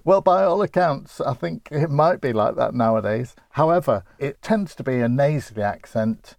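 Gravelly older man, dry wit. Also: mid-range voice, animated, moderate pace, a little mellow, dry recording. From Grimsby, England. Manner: dry, wry humour. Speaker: co-host. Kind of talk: casual chat.

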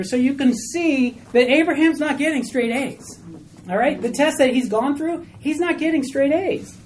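A woman teaching a small Bible study group in a chatty, animated way, asking questions of the class. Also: mid-range voice, a little hiss or hum, rough recording.

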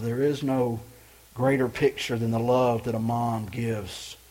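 A male pastor preaching a sermon with passion, swinging from loud emphatic lines to quiet hushed ones. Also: mid-range voice. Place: church.

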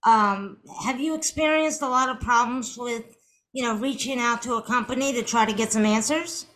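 A woman hosting a talk show, asking a caller measured, probing questions. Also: fairly high pitch, a bit bright, rough recording. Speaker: host. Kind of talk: talk radio interviewing.

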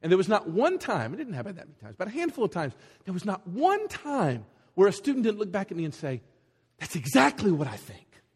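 Husky-voiced man preaching in a reverberant hall. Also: sits high, fast talker, hardly any pauses. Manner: animated storytelling, acting out voices in quotes. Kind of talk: sermon.

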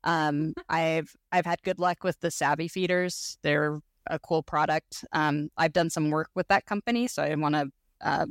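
A woman's voice: low-pitched, steady tone, normal speed, dry recording, studio quality. A woman co-hosting a casual podcast, talking about her own horses in a chatty way, laughing often and restarting her sentences. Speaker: podcast co-host, horse owner.

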